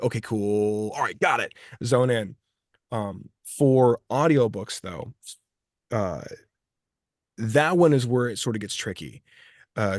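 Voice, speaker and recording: A man's voice: lowish voice, no room sound, clean studio sound. A man from Texas who works as a voice actor, chatting in an interview and often restarting his phrases as he tells stories. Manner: chatty, restarts phrases while telling anecdotes. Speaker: voice actor guest. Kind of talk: casual interview chat.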